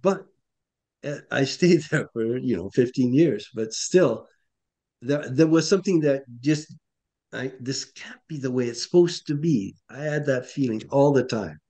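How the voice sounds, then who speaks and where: A man's voice: mid-range voice, measured pace, warm tone. Give me an older man, a former monk, telling stories about himself in a wry, self-deprecating way. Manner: self-deprecating, laughing storyteller. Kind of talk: reminiscing conversation.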